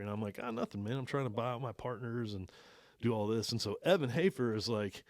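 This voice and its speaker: A man's voice: fairly low pitch, fast, a little mellow, no echo. Laid-back man telling a story. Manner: laid-back, laughs often, acts out quoted talk. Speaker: archery shop owner, guest. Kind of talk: casual storytelling interview.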